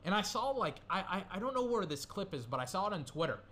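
A man's voice: high voice, big pitch swings, fast, sharp tone, a little hiss or hum. A young man rambling through casual solo commentary, swearing and getting worked up as he goes. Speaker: gaming commentator.

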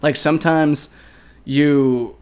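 Dude cohosting a podcast, kinda high voice, laughs a lot, laid back. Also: male voice, steady tone, slow pace, darkish tone, clean tone. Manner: laughs often, easygoing. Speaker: podcast co-host. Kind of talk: casual podcast chat.

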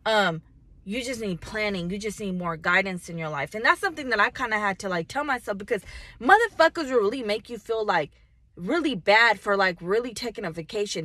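A woman's voice: mid-range voice, expressive, a little fast, bright, forceful tone, dry recording. A young woman vlogger talking casually and bluntly to her viewers, swearing a lot and giving motivational advice after a workout. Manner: blunt and profane, heavy slang.

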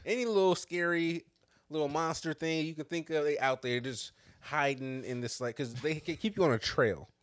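A man's voice: a little high, moderate pace. A man chatting casually and profanely with a friend, often breaking into laughter. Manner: laughs a lot, loose and profane. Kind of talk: casual storytelling chat.

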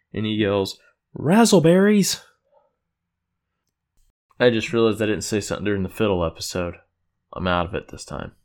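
A man's voice: lowish voice, clean tone. A man casually recapping an episode he wrote, rambling with fillers, chuckling and correcting himself. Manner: loose and chuckling, with frequent fillers and self-corrections.

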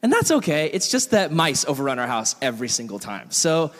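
A man's voice: a little high, huge pitch swings, fairly quick, a bit bright, long reverb tail. A young man casually preaching to a youth group, telling jokey stories full of likes and ums. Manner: chatty, joking storyteller with many fillers. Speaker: youth pastor. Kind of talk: casual sermon.

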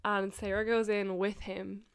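A woman's voice: medium pitch, level tone, unhurried, clear, resonant tone. A young woman vlogger casually telling a long story, rambling, swearing and laughing often.

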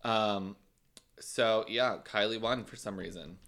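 A man's voice: lowish voice, takes it slowly, fairly bright tone. A man in casual chat recapping a show, opinionated and jokey.

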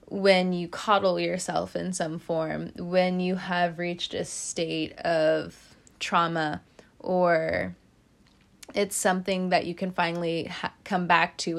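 A woman giving a casual tarot reading to her viewers. She is gentle and tearful, often laughs and breaks off mid-sentence. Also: on the low side. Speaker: tarot reader.

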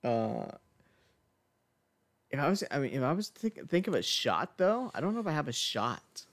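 A man's voice: on the high side, very animated, normal speed, a bit bright. A young man co-hosting a casual movie review podcast, easygoing and agreeable as he chats about scenes. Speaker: podcast co-host.

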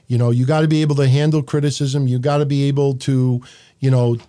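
A man's voice: medium pitch, flat delivery, fast talker, mellow. A middle-aged man, hosting a podcast and telling stories in a blunt, profane, casual monologue. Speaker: podcast host.

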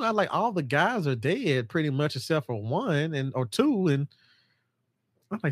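Animated man with a dry close sound. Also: measured pace, husky, dry recording. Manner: animated, acts out scenes in a high mocking voice. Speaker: podcast host. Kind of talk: casual chat.

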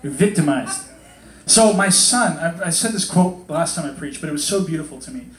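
A man preaching a casual sermon to a congregation in a hot hall, chatty and animated, acting out quotes in different voices. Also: fairly high pitch, a little fast. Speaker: pastor. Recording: echoey hall.

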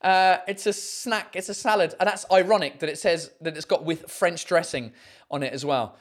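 A podcast host chatting casually on their own show, reading out listener messages. They laugh often, swear casually, and sound out French and German words slowly. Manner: giggly and amused, bursts of high laughter, casual swearing.

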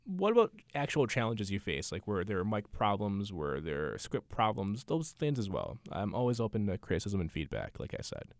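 Male podcast host, low register, loose rambling delivery, dry studio sound. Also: huge pitch swings, moderate pace, few pauses, no echo. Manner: rambling, self-deprecating. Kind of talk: casual interview chat.

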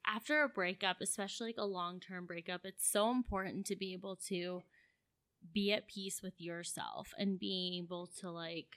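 A woman's voice: on the low side, fairly even intonation, normal speed, fairly bright tone, dry recording. Earnest young woman, dry close sound. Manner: earnest, emotional, heavy use of "like". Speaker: podcast co-host. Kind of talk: casual podcast chat.

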